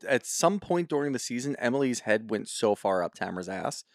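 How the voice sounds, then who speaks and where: A man's voice: mid-range voice, big pitch swings, fairly quick, dry recording, clean studio sound. A man co-hosting a podcast, bluntly and profanely riffing on reality TV in casual chat. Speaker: podcast co-host.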